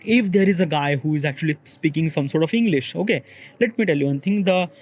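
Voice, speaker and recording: A man's voice: fairly high pitch, fast, darkish tone. A man with an Indian accent, talking through ideas in an unscripted solo monologue, rambling and filling gaps with "okay, yeah". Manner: rambling, constantly repeats "okay, yeah" and "kind of like"; searching for words, many restarts. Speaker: solo podcaster.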